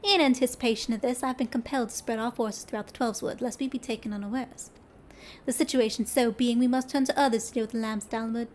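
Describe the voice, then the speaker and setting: Woman reading as stern male commander, formal, earnest, high-pitched read, video game dialogue. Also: fairly even intonation, fast talker, darkish tone, a little hiss or hum, close to an everyday voice.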